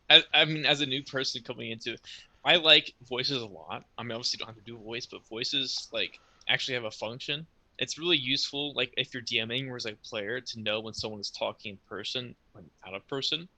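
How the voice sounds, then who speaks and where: A man's voice: medium pitch, brisk, bright, forceful tone, no room sound. A man, a newer player, eagerly chatting on a tabletop game panel. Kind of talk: casual panel discussion.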